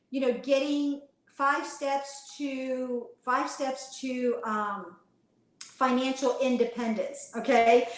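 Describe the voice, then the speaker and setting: A woman's voice: high voice, reverberant, rough recording. A woman financial coach talking to viewers on a livestream, upbeat and encouraging, chatty, often checking in with her audience. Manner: upbeat, encouraging, chatty with "you guys" and "right?". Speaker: financial coach and real estate investor.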